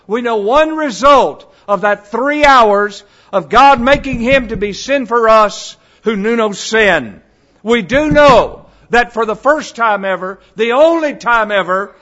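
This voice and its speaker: A man preaching a sermon, dropping to a hush and then rising to a booming cry, repeating phrases for emphasis. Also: highs cut off. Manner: swings from hushed to booming, dramatic pauses.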